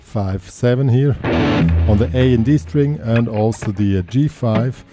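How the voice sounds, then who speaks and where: A man's voice: mid-range voice, unhurried. Chatty man teaching guitar over music. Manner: relaxed, chatty, counts in and scats rhythms. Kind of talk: casual guitar lesson. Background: electric guitar playing.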